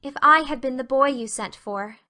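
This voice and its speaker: A woman playing an earnest young girl, eager and warm-hearted, with a bright, ringing tone pitched a little high. She talks in an expressive, heartfelt way, as in a storybook drama. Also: normal speed. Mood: wistful. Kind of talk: full-cast audiobook drama.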